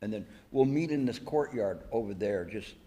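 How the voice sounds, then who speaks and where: A meditation teacher giving a dharma talk into a microphone on a stand, in a reflective, halting storytelling manner with frequent restarts. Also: male voice, lowish voice, lively intonation, warm tone, big-room sound. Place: meditation center hall.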